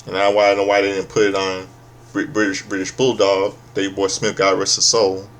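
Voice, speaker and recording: A man with a lowish voice recaps a wrestling show in a loose, casual way. He is sarcastic and swears freely. He often stumbles over his words and restarts his sentences. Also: level tone, a bit bright. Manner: profane, sarcastic, halting with restarts.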